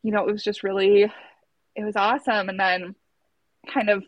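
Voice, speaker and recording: A woman's voice: mid-range voice, level tone, normal speed, no room sound, highs cut off. A young adult woman, a labor and delivery nurse, casually telling her birth story in a chatty way. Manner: chatty, acts out quotes in a raised voice.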